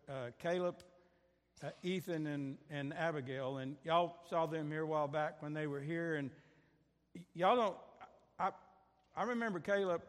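A man's voice: on the high side, in a large hall. A man leading a prayer and preaching a sermon, telling a story in a folksy way with many fillers and restarts. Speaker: pastor. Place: church sanctuary.

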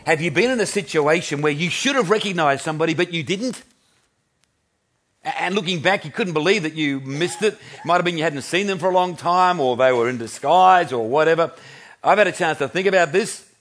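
Preaching in a laid-back, story-driven way, this Australian pastor in his fifties chuckles and keeps restarting his sentences. He speaks a little fast, with a voice on the high side.

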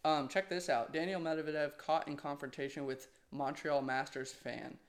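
A young man with a slightly higher-than-average voice, co-hosting a relaxed podcast chat. He reads news snippets aloud between easygoing banter and laughs often. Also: normal speed. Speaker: podcast co-host. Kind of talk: casual chat.

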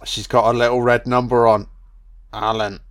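Guy doing a casual movie commentary, swears a ton, slangy, gets all excited, laughs a lot, average pitch. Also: normal speed. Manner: excitable and heavily profane, with laughter; slangy, calls listeners man, son and baby. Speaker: film commentator.

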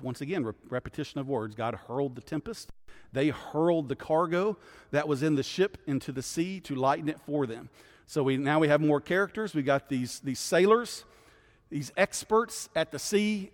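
A man's voice: mid-range voice, darkish tone. A man, a guest pastor teaching a Bible study in a conversational way, often checking in with his listeners. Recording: long hall reverb.

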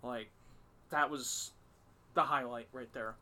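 A man's voice: mid-range voice, fairly even intonation, takes it slowly, bright, forceful tone. A man hosting a podcast, telling a story in a casual, rambling way, swearing often and filling gaps with "um" and "like". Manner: rambling, profane, many fillers and restarts. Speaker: podcast host.

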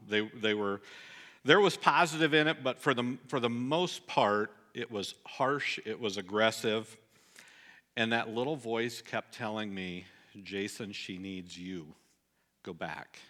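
A middle-aged man delivering a sermon, telling a personal story earnestly and dropping soft and low at the sad moments. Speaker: pastor.

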